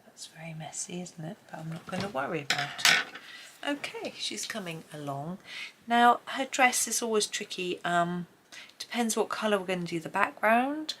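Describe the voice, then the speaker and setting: A British woman chatting softly as she talks through her colouring, sometimes trailing off into murmured asides. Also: lowish voice, lively intonation, normal speed, heavy background noise. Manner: chatty, soft-spoken, drifts into murmured asides. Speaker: colouring video creator. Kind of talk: casual narration while colouring.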